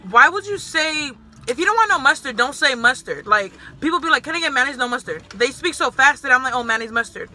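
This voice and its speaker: A woman's voice: high voice, expressive, bright, forceful tone. A young adult woman in casual chat who keeps jumping in with her own work stories and quotes her customers. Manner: chatty, quick to jump in, quotes customers. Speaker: guest and sandwich shop worker. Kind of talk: casual chat while eating.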